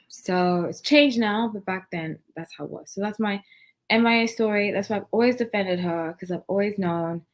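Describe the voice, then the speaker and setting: A woman in her thirties, a channel host, telling a meandering story casually to her viewers. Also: medium pitch. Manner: meandering, chatty, digressive.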